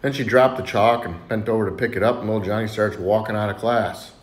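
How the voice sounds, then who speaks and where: A man casually telling a string of jokes in a relaxed storytelling way. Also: fairly low pitch, quick pace. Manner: relaxed storytelling, lively delivery. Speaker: joke-telling video creator.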